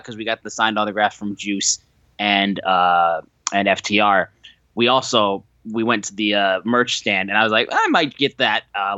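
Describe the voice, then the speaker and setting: A young man co-hosting a podcast, telling stories in a casual, animated way and acting out what others said. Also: on the low side, dry recording, muffled recording. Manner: animated, acts out quoted voices, swears casually. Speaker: podcast co-host.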